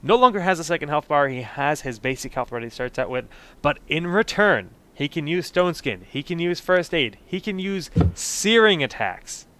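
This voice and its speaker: A male host with a bright, forceful tone and a slightly high voice. He explains things emphatically and with plenty of energy in a casual panel chat. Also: big pitch swings, moderate pace, slight background noise. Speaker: podcast host. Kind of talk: casual panel chat about a game patch.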